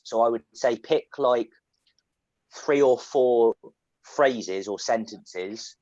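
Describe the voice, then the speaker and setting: An English man with a standard southern English accent and a lowish voice casually answers questions in an online Q&A, explaining things with fillers and restarts. There's no echo, but the call audio is dull and lo-fi.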